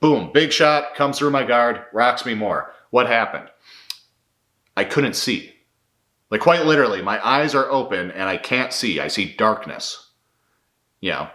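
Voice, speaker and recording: Man, casual fight-talk commentator, blunt and swearing, bright forceful voice, roomy echo. Natural, loose delivery with restarts. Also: mid-range voice, animated, measured pace, long pauses. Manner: candid, profane, rambling with restarts. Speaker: MMA commentator and former fighter.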